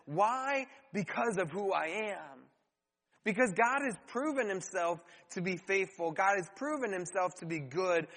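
A man's voice: high-pitched, expressive, unhurried, fairly bright tone. Man preaching in a reverberant hall. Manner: earnest preaching with rhetorical questions. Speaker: pastor. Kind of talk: sermon.

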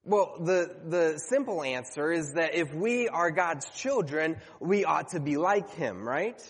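High-voiced man preaching in a reverberant hall. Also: expressive, unhurried, breathy edge. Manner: earnest, conversational with self-corrections. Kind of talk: sermon.

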